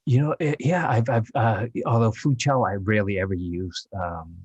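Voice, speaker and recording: A man who is an actor, speaking English as a later language, chatting as a podcast guest in a rambling, halting way with frequent laughs. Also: fairly low pitch, darkish tone, slightly rough, no echo, highs cut off. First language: Chinese dialect. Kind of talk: casual interview chat.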